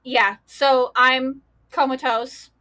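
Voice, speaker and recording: A woman's voice: sits high, flat delivery, slow, sharp tone. A young adult woman, a podcast guest, telling a painful personal story with many fillers and quoted voices.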